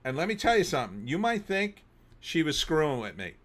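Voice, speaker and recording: A middle-aged man, hosting a livestream and telling animated stories between reading chat comments, sometimes bursting into shouting. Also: fairly high pitch, brisk. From New Jersey. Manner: animated storyteller, bursts into shouting when riled. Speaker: host.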